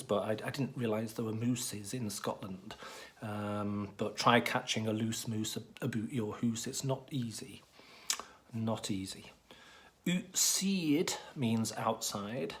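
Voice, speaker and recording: A man giving a deadpan comic monologue as a mock professor, hesitant and rambling with many ums and restarts. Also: on the low side, unhurried. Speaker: comic presenter playing a professor.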